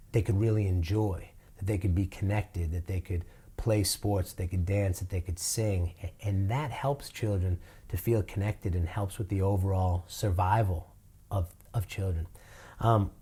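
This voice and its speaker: Earnest man with a low, mellow voice. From Boston, USA. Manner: earnest, heartfelt, many "you know" fillers. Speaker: nonprofit director. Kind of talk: interview answers.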